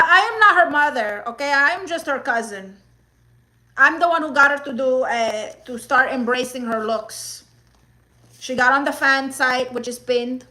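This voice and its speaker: A blunt, toxic diva, played by a woman on a comedy livestream. Her voice sits high and cuts bright, and every remark drips with scorn. She peppers her English with Spanish words. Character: brash toxic woman, blunt, dismissive, self-assured. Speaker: livestream comedy host reading chat and a self-help book. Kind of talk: live-streamed character comedy.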